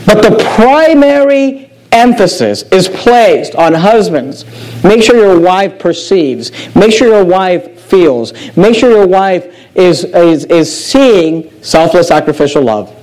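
A man preaching a sermon as pastor, emphatic, repeating phrases and dropping low to stress key words. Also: expressive, slow pace, rough recording. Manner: emphatic preacher with sharp pitch drops and repetitions.

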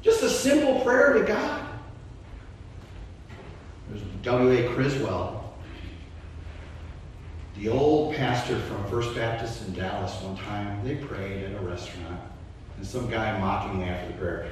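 Animated male pastor in an echoey hall. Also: fairly low pitch, unhurried, pauses often, a little hiss or hum. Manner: animated preaching, voice rising and dropping. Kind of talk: sermon. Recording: echoey church hall, mic far off.

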